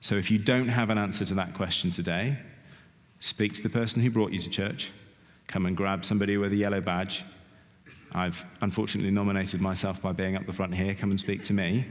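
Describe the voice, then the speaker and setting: A man's voice: sits low, flat delivery, a little fast. A middle-aged man giving a sermon in a church, talking in a conversational way, often asking "okay?" and saying "kind of". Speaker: lay preacher. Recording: long reverb of a church hall.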